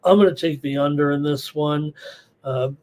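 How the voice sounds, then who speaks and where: A hoarse man hosting a live sports betting show, thinking aloud through picks in a rambling, casual way. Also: on the high side, steady tone, moderate pace, darkish tone. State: hoarse, losing his voice.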